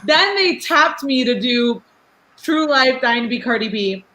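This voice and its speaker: A young woman in her twenties talks fast and freely, with many "like" fillers and frequent laughs. Her voice is bright and forward. She comes across as outspoken, in a relaxed podcast chat. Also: high-pitched, poor audio. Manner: fast, chatty, lots of "like" fillers. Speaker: guest, rapper.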